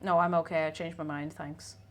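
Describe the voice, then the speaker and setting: A woman's voice: sits low, flat delivery, brisk. A woman streamer chatting casually with her viewers while she bakes. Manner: chatty, reading out viewer messages. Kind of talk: casual chat while baking.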